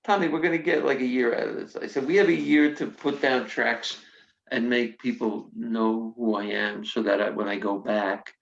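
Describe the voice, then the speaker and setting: An older woman, a comedian guest in an interview, tells frank, lively stories, acting out quoted dialogue and swearing freely. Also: very deep voice, moderate pace, creaky. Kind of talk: casual interview storytelling. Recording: roomy, muffled sound.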